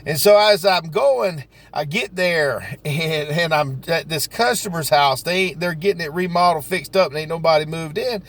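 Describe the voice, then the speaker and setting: A man with a Southern US accent telling stories from his sales work in a folksy, animated way. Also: fairly high pitch, normal speed, few pauses. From Southern United States. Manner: folksy, animated, dialect grammar like "ain't nobody". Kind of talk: casual storytelling vlog.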